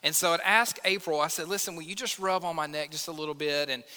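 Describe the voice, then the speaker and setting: Bright-voiced pastor in a reverberant hall. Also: male voice, fairly high pitch, fast talker, clear, resonant tone. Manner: conversational, self-deprecating preaching with acted quotes. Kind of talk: sermon. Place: church sanctuary.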